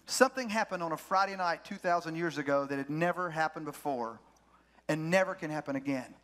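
A man's voice: a little high, a little fast, a bit bright. A man, a pastor, preaching a sermon in church, telling a story with energy and repeating his key phrases for emphasis. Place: church sanctuary.

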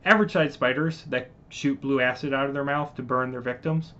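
A man's voice: mid-range voice, fairly even intonation, brisk, a bit bright, natural voice. A man voicing a secretive male scientist crewman who explains things matter-of-factly in a story he reads aloud. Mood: explaining. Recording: muffled lo-fi recording.

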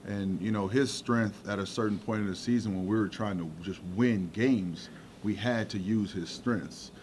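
A man's voice: lowish voice, normal speed, slight background noise. A middle-aged man, a football coordinator, answering reporters plainly, with many fillers. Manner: relaxed, plainspoken, with frequent fillers. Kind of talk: press conference answers. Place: press conference room.

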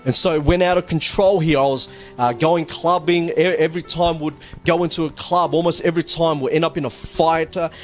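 A man with a fairly high voice tells his testimony in an earnest, halting way, often repeating words. Soft music plays faintly behind him. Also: steady tone. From Australia. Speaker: church testimony speaker. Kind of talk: personal testimony. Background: faint background music.

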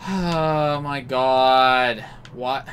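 A woman's voice: very deep voice, drawn-out words, faint music behind. A woman giving live gameplay commentary, frustrated and exasperated, swearing at the game. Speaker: gamer doing live commentary.

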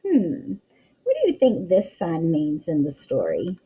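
A woman's voice: deep voice, huge pitch swings, unhurried, warm tone, slightly rough, poor audio. A woman teacher reading a picture book aloud to young children, full of exclamations and questions to the listener.

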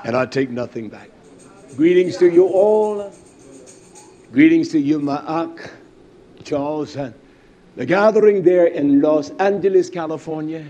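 An older man preaches a sermon at normal speed, swinging between loud, emphatic declarations and low, muttered asides. His phrasing is blunt, and he poses rhetorical questions.

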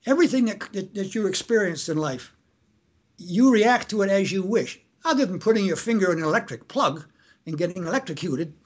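A man's voice: high-pitched, expressive, husky. A man, a family lawyer, answering interview questions casually and acting out examples, often restarting his sentences. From Canada. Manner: acts out shouted examples, halting restarts.

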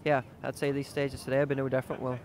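A man's voice: medium pitch, monotone, fast talker, darkish tone, slight background noise. A young man, a rally driver, answering interview questions in an easygoing, hesitant way with many fillers.

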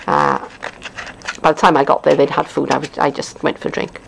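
A woman's voice: extremely low pitch, sing-song, fairly quick, vocal fry, a bit bright, slight background noise, poor audio. A middle-aged woman with a Welsh accent, chatting casually as a craft demonstrator, rambling along with lots of fillers and little chuckles. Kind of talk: casual unboxing chat.

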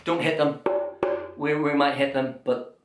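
A young man leading an energetic children's drum class, counting out loud and cheering the kids on. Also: fairly high pitch, measured pace. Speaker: drum workshop leader. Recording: echoey room with drum music.

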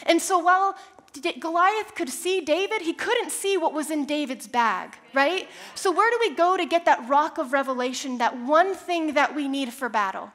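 A woman delivers a sermon, recounting Bible stories conversationally with asides and building up to passionate, repeated declarations. Her voice is high, animated, and a bit bright, at a moderate pace.

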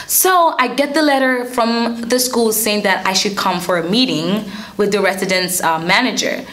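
Young woman doing a storytime vlog, fired up and slangy, medium pitch. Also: moderate pace. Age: young adult. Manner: animated, indignant, slangy storytelling. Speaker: vlogger.

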